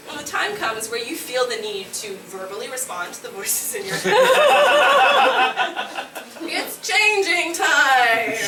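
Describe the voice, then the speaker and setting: Woman, late 20s, from Nova Scotia, loud comic storyteller with a slightly high voice; live stage recording, roomy and noisy. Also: recorded from a distance. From Nova Scotia, Canada. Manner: animated, brash, laughs at her own lines, yells punchlines. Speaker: solo comedy performer.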